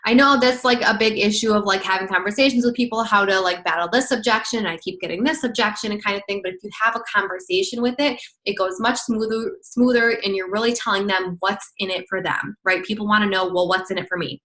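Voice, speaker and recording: A woman's voice: medium pitch, fast talker, few pauses, bright, forceful tone, low-quality recording. A woman coaching others on sales follow-up in a casual screen-share training, bubbly and gushing as she acts out chats with clients.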